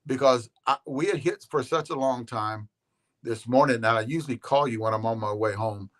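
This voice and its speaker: A man's voice: mid-range voice, normal speed. Laid-back rambling man chatting. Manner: rambling, laid-back, swears casually, repeats words. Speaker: regular guest on a live show. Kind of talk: casual chat.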